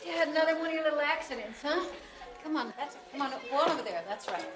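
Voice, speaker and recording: An actress playing a bossy female ward nurse who gives brisk, coaxing commands. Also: high-pitched, animated. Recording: noisy ward with crowd chatter.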